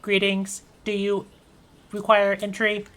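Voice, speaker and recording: A woman's voice: mid-range voice, monotone, slow, a bit bright. A woman doing a stiff, officious robot doorman. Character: formal rule-bound robot doorman.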